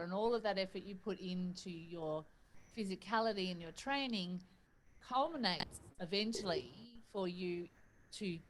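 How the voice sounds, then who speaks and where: A woman's voice: on the low side, slight background noise, rough recording. An Australian woman co-hosting a podcast, making long, reflective remarks to her guest. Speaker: podcast co-host. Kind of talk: casual interview chat.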